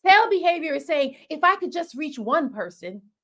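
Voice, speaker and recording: A woman's voice: high-pitched, very animated, normal speed, fairly bright tone. A woman hosting a live stream as a business coach, speaking emphatically in a preacher-like way and repeating phrases for punch. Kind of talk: motivational live-stream talk.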